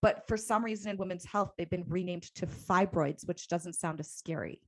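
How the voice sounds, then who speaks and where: A woman in her thirties co-hosts a podcast in a casual chat. Her voice sits a little low, and she speaks earnestly with firm emphasis, now and then turning sarcastic. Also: normal speed. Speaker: podcast co-host.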